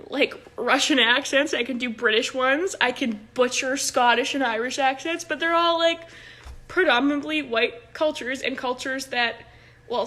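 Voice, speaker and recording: Bright, high-pitched young woman coach. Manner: chatty, laughs often, many "like" fillers. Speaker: improv coach. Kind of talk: casual livestream talk. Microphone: phone.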